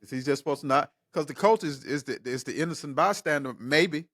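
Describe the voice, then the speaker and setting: A man's voice: a little high, fairly quick, a bit bright. A middle-aged man co-hosting a casual podcast, arguing his point emphatically and repeating it. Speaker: co-host, father figure.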